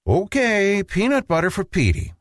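A man's voice: high voice, sing-song, moderate pace, dry recording, studio quality, voice pushed up. A man voicing a patient mother pleading with her picky son, in a sing-song storybook manner. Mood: coaxing.

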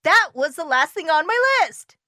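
A woman voicing a fussy, anxious little male toad from a storybook, with frantic high-pitched outbursts. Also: expressive, moderate pace, sharp tone, no echo, studio quality. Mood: excited.

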